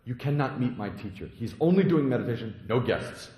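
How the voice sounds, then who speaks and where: A man's voice: mid-range voice, lively intonation, fairly quick, close to an everyday voice. A man voicing a protective young temple attendant, insistent. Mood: firm. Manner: insistent, rising to angry shouting. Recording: echoey hall.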